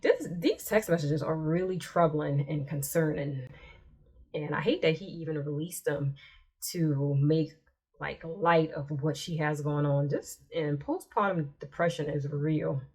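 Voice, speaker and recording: A woman's voice: low voice, a little slow, a little mellow, breathy edge. A woman vlogger giving casual commentary with chatty, exasperated asides as she reads text messages aloud.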